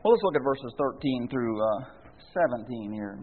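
A man's voice: mid-range voice, expressive, normal speed, breathy edge. A man preaching a sermon, folksy and full of rhetorical questions, chuckling now and then. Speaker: pastor. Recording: echoey hall, phone-like lo-fi sound.

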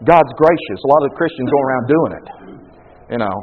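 A man preaching a sermon, talking in a conversational way and reading scripture aloud, moving from quiet asides to loud, fervent bursts. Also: mid-range voice, lively intonation, a little fast, phone-quality sound. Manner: reads scripture aloud and then explains it.

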